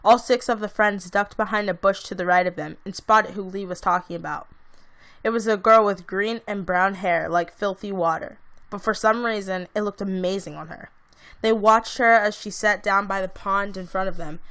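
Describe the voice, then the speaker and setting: A woman's voice: medium pitch, fairly even intonation, moderate pace, a bit bright. A woman reading her own fantasy story aloud in a plain way, with small stumbles. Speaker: amateur reader.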